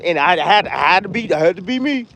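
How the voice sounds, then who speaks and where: High-pitched man, ex-fighter, blunt and repetitive trash talk, casual monologue. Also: animated, fast talker, fairly bright tone, a little hiss or hum. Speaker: former boxer giving opinions.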